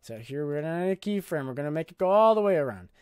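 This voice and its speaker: A man's voice: fairly high pitch, lively intonation, fast, a little mellow, clear, resonant tone, no room sound. Young guy explaining video editing, chill and rambly, lots of "like", dry close mic. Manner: rambling, filler-heavy, loose and jokey. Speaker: YouTube tutorial host. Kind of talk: casual screen-recorded editing tutorial.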